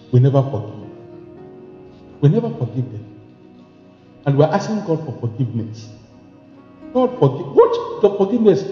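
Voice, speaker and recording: High-voiced, animated male preacher, repetitive and emphatic; lo-fi, echoey hall sound. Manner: emphatic, repeats phrases, swings from soft to shouting. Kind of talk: sermon. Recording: echoey lo-fi hall recording with faint music.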